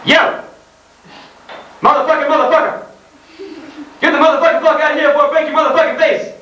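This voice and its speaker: A man putting on an aggressive, swaggering street tough who shouts curses in a rapid burst. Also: very high-pitched, fairly even intonation, muffled recording, pitched above the performer's own voice. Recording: roomy live hall, distant mic.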